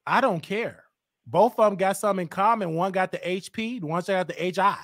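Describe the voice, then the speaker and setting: A man hosting a call-in talk show, teasing and confronting callers and often bursting into shouts. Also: high-pitched, fairly quick, no room sound, clean studio sound.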